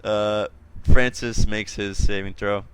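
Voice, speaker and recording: A man's voice: on the low side, steady tone, takes it slowly, clear, resonant tone. A man running a tabletop game as game master, casual, thinking aloud and laughing often.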